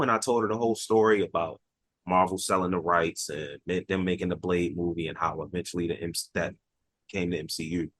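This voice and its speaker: A man's voice: low voice, a little fast, dry recording. A young man chatting casually about a movie on a podcast, telling stories and acting out quotes in raised voices. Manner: animated storyteller, acts out quotes in raised voices. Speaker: podcast host. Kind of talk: casual movie review chat.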